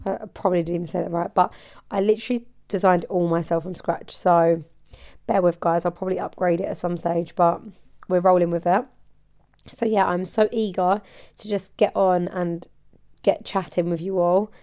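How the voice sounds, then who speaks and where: A woman's voice: on the low side, fairly even intonation, normal speed, warm tone. A woman hosting her own podcast, chatting in a bubbly, rambling way and laughing often. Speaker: podcast host and hairdresser. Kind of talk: casual solo podcast chat.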